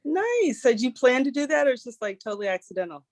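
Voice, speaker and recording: A woman's voice: high-pitched, big pitch swings, quick pace, no echo. A woman chatting in a practice referral call, friendly and chatty with lots of fillers. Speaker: networking group member.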